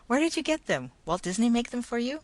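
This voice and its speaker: Woman voicing a loud, blustering parade manager. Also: on the high side, very animated, brisk, voice pushed up. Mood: jovial. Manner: blustering, loud, hostile then jovial. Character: brusque middle-aged male parade manager.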